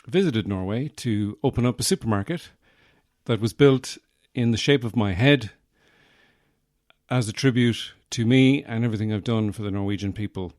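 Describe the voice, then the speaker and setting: A man hosting his own podcast, rambling through a deadpan comic monologue full of mock bragging and fillers. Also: fairly low pitch, normal speed, no room sound, studio quality. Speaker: podcast host, comedian.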